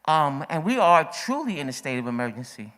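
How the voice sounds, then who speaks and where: A woman's voice: low-pitched, very animated, brisk. A woman from the audience speaking at an open-mic forum, a little out of breath, emphatic and repeating herself as she builds urgency. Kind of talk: impassioned open-mic remarks. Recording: echoey hall.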